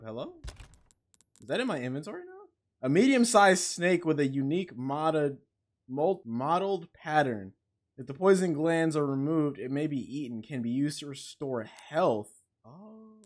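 A man giving casual let's-play commentary, excitable, swearing and reading game text aloud. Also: fairly high pitch. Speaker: gaming channel host.

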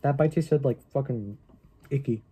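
A man's voice: mid-range voice, moderate pace, mellow, slight background noise. A young man rambling in a casual vlog, crude and joking, swearing often. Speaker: vlogger.

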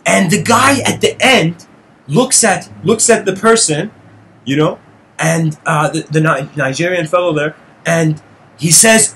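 A man hosting his channel, telling a personal story in an animated monologue, addressing listeners as "guys" and getting heated and intense. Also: fairly high pitch, measured pace. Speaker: channel host giving a lecture.

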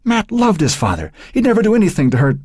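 A man lifts his voice high to play a grieving mother, her words trembling and pleading as she defends her son. The voice sits far above the reader's own deep tone and sounds husky and close, with no room around it. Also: wildly swooping pitch, moderate pace, no room sound, heavily acted. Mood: anguished.

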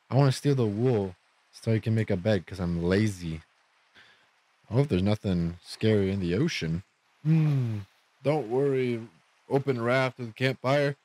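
A young man giving goofy, easily startled commentary while playing a Minecraft survival game, talking to himself with gasps and jokes. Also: on the low side. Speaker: gaming YouTuber. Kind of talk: Minecraft let's play commentary.

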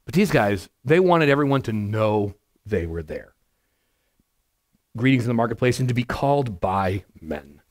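A man, a pastor, giving a conversational verse-by-verse sermon to a congregation in a church, with a naturally loud voice and frequent "right?" asides. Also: medium pitch, expressive, moderate pace. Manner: naturally loud, chatty, asks the room "right?". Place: church sanctuary before a congregation.

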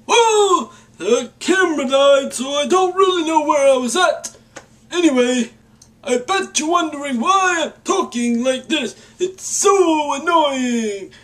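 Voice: high-pitched, animated, takes it slowly, a bit bright. A vlogger chatting casually while putting on a mock vampire voice that keeps slipping into an old-man voice, joking at their own expense. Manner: jokey and self-mocking. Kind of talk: casual video blog.

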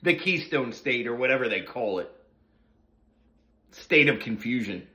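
Forceful, profane ranting man from New Jersey. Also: medium pitch, animated, unhurried. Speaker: host of a morning talk session. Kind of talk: casual ranting monologue.

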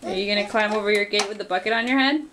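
A woman talking to a toddler in a home video, asking slow, sing-song questions to coax words out of the child. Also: mid-range voice, background noise. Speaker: parent coaxing a toddler to talk. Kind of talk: home video baby talk.

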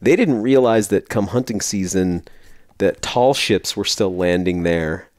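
A man's voice: deep voice, unhurried, darkish tone, no room sound, clean studio sound. A man hosting a podcast, telling a rambling story in casual chat and laughing often. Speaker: podcast host.

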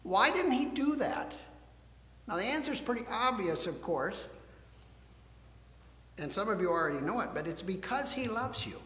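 A male pastor reading a Bible story aloud and preaching, an expressive storyteller who moves between hushed and emphatic delivery. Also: sits high, moderate pace, pauses often. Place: church sanctuary. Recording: echoey church hall.

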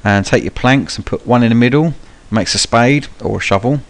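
A man's voice: medium pitch, fairly quick. A young man giving casual, rambling live commentary for a gameplay tutorial, with frequent ums and cheeky swearing. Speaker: gaming channel host.

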